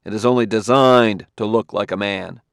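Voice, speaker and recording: A man voicing a wary male detective who talks crisply and gives orders. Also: fairly low pitch, moderate pace, no echo, studio quality. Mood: commanding. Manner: sharp, giving crisp orders.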